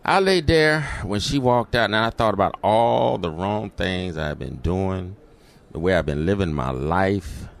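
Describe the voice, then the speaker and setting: A man's voice: low voice, lively intonation, a little slow, vocal fry. A middle-aged man, telling a personal story as an interview guest and acting out the voices in it.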